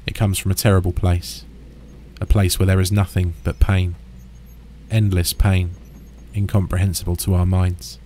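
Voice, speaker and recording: Eerily calm young girl as a man reads her, deep flat voice, horror story. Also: normal speed, slight background noise, lightly acted. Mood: eerie calm. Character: eerily calm young girl who knows too much.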